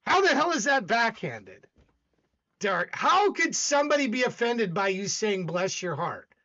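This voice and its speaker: High-voiced rambling Southern livestream host. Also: male voice, very animated, normal speed, bright, forceful tone, highs cut off. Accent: Southern American. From American South. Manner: rambling, talks back to chat, argumentative. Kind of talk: casual livestream chat.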